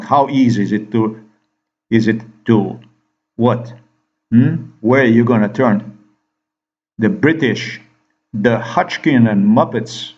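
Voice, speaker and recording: A man's voice: mid-range voice, highs cut off. A man delivering a rambling, agitated monologue, firing questions at the listener and repeating himself. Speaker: vlogger.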